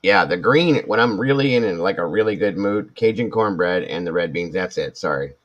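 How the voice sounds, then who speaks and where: Live stream host: a man in his forties with a low, deep voice. Rambling and self-mocking, on dull lo-fi audio. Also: expressive, moderate pace. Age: 40s. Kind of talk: casual chat reading viewer comments.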